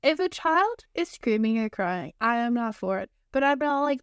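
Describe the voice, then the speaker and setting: A woman's voice: a little high, expressive, moderate pace, few pauses, fairly bright tone, smooth, dry recording, studio quality. A woman co-hosting a podcast, chatting casually with blunt, sarcastic storytelling. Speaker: podcast co-host. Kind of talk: casual chat.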